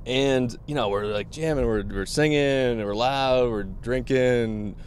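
A man's voice: mid-range voice, slow, a little hiss or hum. A man from Massachusetts, a podcast guest telling casual stories and laughing often. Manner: laughs often, quotes people in animated asides. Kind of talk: casual storytelling.

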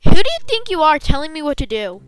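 A woman's voice: high voice, wildly swooping pitch, quick pace, no echo, soft background music. A woman voicing a snobby, mean, popular teenage girl bully in a game role-play, with a sneering, whiny drawl.

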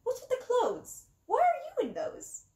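A woman's voice: very high voice, wildly swooping pitch, a little slow, warm tone, pitched above the performer's own voice, heavily acted. A woman voicing a boastful male villain clown rat who taunts in sing-song rhymes. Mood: shouting suspicious. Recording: roomy echo.

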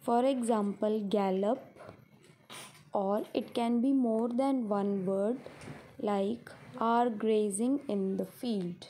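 A woman's voice: mid-range voice, steady tone, takes it slowly, mellow, a little hiss or hum. A woman teacher explaining grammar to a class step by step, repeating her examples.

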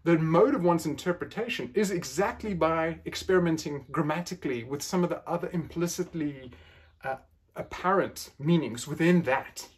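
A man's voice: on the high side, moderate pace, breathy edge. A man lecturing in an academic style, playfully acting out quoted phrasings with questioning tones.

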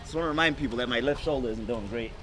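A man's voice: mid-range voice, very fast, a bit bright, faint music behind. A man from Zimbabwe talking earnestly in casual chat, often repeating his phrases.

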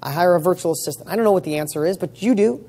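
Middle-aged guy doing a motivational talk, husky mellow voice, blunt, keeps hitting you with questions. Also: sits high. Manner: emphatic, rapid-fire rhetorical questions; blunt, mild swearing. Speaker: motivational speaker.

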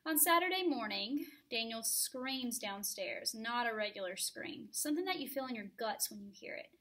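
A woman teacher reading a novel aloud to her students from home, expressive and dramatic, into a computer mic. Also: on the high side, normal speed, hardly any pauses. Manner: animated, dramatic storytelling. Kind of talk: expressive first-person read-aloud.

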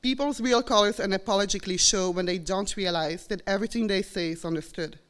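A woman's voice: medium pitch, fast. Belgian woman telling a personal story. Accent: Belgian French. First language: French. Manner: earnest, reflective, acts out quoted voices. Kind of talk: live storytelling performance. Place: college stage before an audience.

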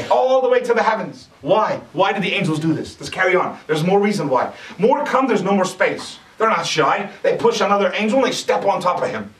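A male lecturer preaches in a mosque with lively energy, turning often to quiz the crowd. His voice sits a little high for a man. It comes from some way off the microphone, ringing in a roomy, echoing hall. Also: a little hiss or hum. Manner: animated, asks the audience questions. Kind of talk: sermon. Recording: echoey hall, distant mic.

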